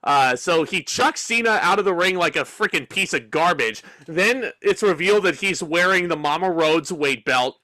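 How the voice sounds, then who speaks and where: A man's voice: on the high side, animated, moderate pace, hardly any pauses, bright, forceful tone, no echo, rough recording. A man co-hosting a wrestling review podcast, recounting events in order and correcting details in casual chat. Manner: recounts events step by step, corrects his co-host.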